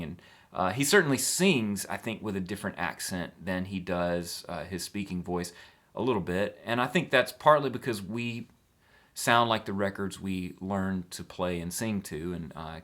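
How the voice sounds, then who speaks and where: A man's voice: deep voice, pushed and bright. A man, a singer-songwriter, chatting casually as he answers fan questions, easygoing and rambling with frequent filler sounds.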